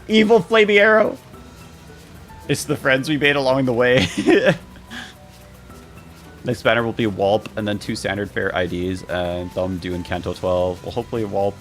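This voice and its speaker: A man's voice: fairly low pitch, gravelly, fairly bright tone. A young man live-streaming a game, joking with chat and laughing often.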